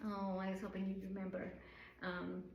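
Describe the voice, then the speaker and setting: A woman's voice: medium pitch, monotone, normal speed, gravelly, dull audio, a crowd in the background. A middle-aged woman from the northern United States teaching an informal Bible study, rambling and chatty with many fillers. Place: church room. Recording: echoey room.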